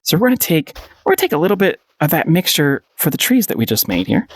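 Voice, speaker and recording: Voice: mid-range voice, big pitch swings, quick pace. A painting instructor giving a casual paint-along tutorial, playful and encouraging, often giggling and repeating short phrases.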